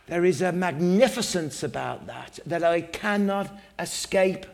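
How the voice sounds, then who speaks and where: A man's voice: sits high, animated, measured pace, vocal fry. A man with an English accent preaching a sermon as pastor, earnest and emphatic, building his points with repeated phrases. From England.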